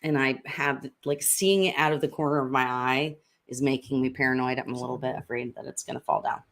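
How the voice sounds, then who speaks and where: A woman's voice: extremely low pitch, fairly even intonation, a little fast. A woman hosting a casual political chat at home, upbeat and chatty with frequent fillers. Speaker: podcast host and congressional candidate. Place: room in a house under renovation.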